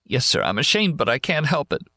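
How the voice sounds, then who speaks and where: A man voicing a young soldier broken by battle, who talks in halting, ashamed, pleading bits. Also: a little high, very animated, bright, forceful tone, no room sound, pitched above the performer's own voice, full character voice. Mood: ashamed, shaky.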